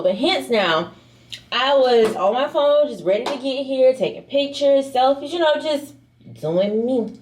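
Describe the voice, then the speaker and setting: Animated young woman vlogger, echoey room. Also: sits high, brisk. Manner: animated, swears, acts out the people in her story. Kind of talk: casual storytelling vlog.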